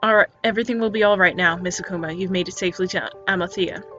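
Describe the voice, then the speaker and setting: A woman's voice: fairly low pitch, fast, bright, forceful tone. A woman reading a reassuring older rescuer. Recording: dull lo-fi recording with faint music.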